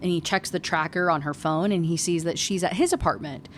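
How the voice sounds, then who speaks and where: A woman's voice: on the low side, a little fast, a little hiss or hum. A young adult woman reviewing a book in a casual rant, sarcastic, exasperated and profane.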